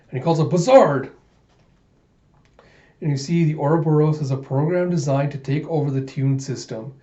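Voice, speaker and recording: A man's voice: fairly high pitch, moderate pace, pauses often, mellow. A man casually narrating a comic readthrough, chatty and loose, adding sound effects, in a roomy, dull recording.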